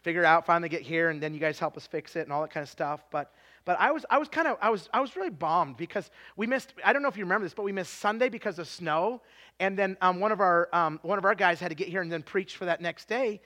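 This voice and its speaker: High bright-voiced guy in his 40s preaching, animated storytelling, trips over his words a lot. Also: quick pace. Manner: animated storytelling with many restarts, dropping to a hushed tone for confession. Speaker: pastor. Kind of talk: sermon.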